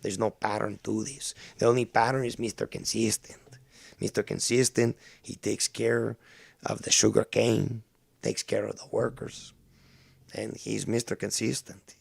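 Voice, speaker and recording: A man putting on a Spanish accent to mock someone, in a gravelly voice. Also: fairly low pitch, level tone, a little slow, no echo, heavily acted.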